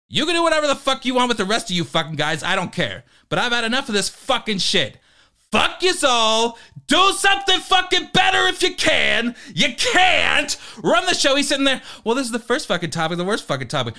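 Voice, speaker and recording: Man doing a bright, sharp-edged ranting host, loud tirade, lively swings. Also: very high voice, pitched above the performer's own voice, heavily acted. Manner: shouting, swearing tirade. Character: furious foul-mouthed male podcast host ranting.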